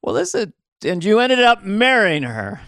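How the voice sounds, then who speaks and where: A man's voice: high-pitched, big pitch swings, normal speed, creaky, fairly bright tone, dry recording, studio quality. A male podcast host chatting casually, cutting in with wry, teasing remarks. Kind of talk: casual chat.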